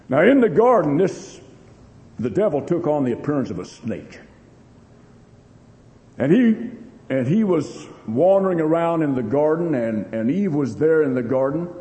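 A man's voice: fairly high pitch, warm tone. A man preaching a sermon, telling a story with lots of repeats and strong rising and falling emphasis. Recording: long hall reverb.

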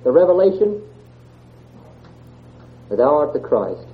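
A man's voice: fairly high pitch, sing-song, a little slow. A man giving a sermon, reading scripture and asking the congregation earnest questions. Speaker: church speaker. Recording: tinny phone-like sound.

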